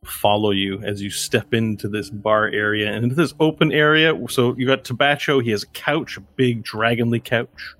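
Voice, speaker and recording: A man's voice: mid-range voice, moderate pace, few pauses, a bit bright, soft background music. A man narrating a tabletop game as game master, describing scenes loosely, with casual asides.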